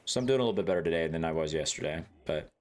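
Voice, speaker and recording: A man's voice: extremely low pitch, lively intonation, racing, slight background noise. A man streaming a game, chatting casually with his viewers in a joking, laid-back way, swearing freely and laughing often.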